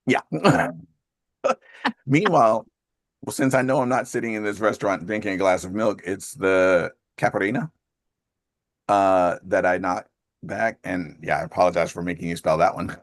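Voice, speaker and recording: Gravelly, deep-voiced man in his fifties. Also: normal speed, pauses often, dry recording, studio quality. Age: 50s. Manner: rambling and chatty, laughs often. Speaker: host of an accountability call. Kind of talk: casual chat on a group call.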